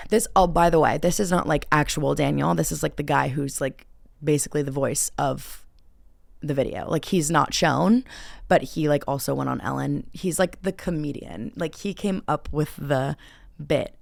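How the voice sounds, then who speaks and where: With a low, creaky voice and no room sound, a young podcast host chats her way through a dating story. She leans heavily on fillers and laughs frequently as she tells it.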